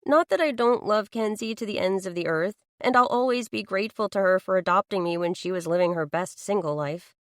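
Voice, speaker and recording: A woman's voice: mid-range voice, dry recording, studio quality. Earnest woman narrating an audiobook. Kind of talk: first-person audiobook narration.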